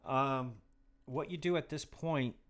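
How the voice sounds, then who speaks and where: A man talks slowly and unhurriedly as he hosts a live mixing tutorial from a home studio. His delivery is casual and chatty, and he keeps slipping into quiet, muttered asides as he works. His voice sits at a middling pitch. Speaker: livestream host teaching music mixing.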